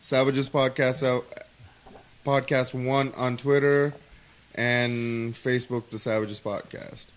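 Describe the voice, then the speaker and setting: A man's voice: medium pitch, little pitch movement, slow. A man co-hosting a casual podcast, easygoing and chuckling, with loose rambling phrasing. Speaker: podcast co-host. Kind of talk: casual banter.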